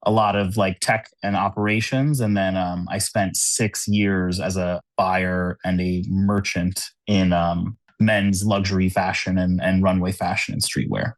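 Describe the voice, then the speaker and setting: With a low, steady voice, a measured pace, and few pauses, this man is heard in a dry recording. The cube designer from the United States is a podcast guest in New York City, casually chatting with frequent laughs and lots of "like" and "you know."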